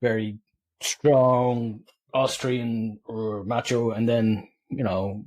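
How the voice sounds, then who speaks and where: A man's voice: medium pitch, little pitch movement, takes it slowly, darkish tone. A man co-hosting a podcast, chatting casually about a film with dry, wry remarks. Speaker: podcast co-host. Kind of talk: casual movie review chat.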